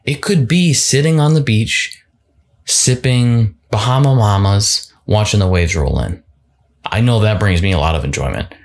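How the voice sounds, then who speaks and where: A man's voice: lowish voice, moderate pace. A man hosting a solo motivational podcast, talking casually and often restarting and repeating words. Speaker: podcast host.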